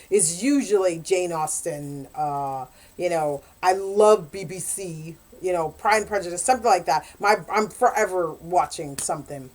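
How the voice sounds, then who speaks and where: A woman and romance author chatting casually in a book review, animated and quick to laugh. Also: on the low side.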